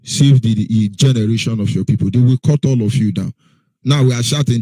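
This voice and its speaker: Husky-voiced man, radio presenter, emphatic and repetitive, dry close sound. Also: mid-range voice, a little fast, mellow, no room sound. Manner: emphatic, repeats rhetorical questions and answers them. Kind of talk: impassioned radio talk.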